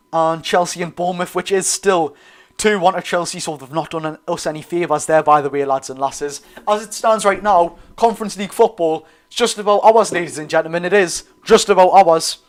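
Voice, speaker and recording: A man's voice: fairly high pitch, moderate pace. A young man with a Geordie accent hosting a live football watchalong, commentating casually, correcting himself and chatting to viewers. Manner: chatty, self-correcting, addresses viewers as lads. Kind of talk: live match commentary and chat.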